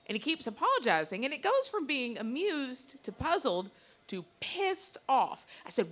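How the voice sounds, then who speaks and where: A woman telling a personal story on stage to a live audience, animated and acting out the lines she quotes. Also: a little high, moderate pace.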